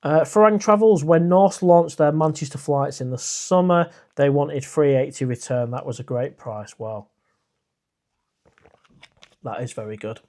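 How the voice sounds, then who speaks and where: A man's voice: medium pitch, fairly even intonation, unhurried, mellow. Chatty man hosting a live stream. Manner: chatty and rambling, with frequent "uh" and restarts. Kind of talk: casual live stream chat, reading viewer comments.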